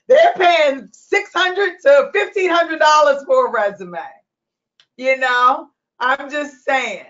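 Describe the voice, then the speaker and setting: A woman with a high, somewhat bright voice speaks slowly on a replayed call, coaching owners of recruitment businesses. Passionate and preachy, she laughs and tears up during this emotional motivational talk; the recording's high frequencies are cut off.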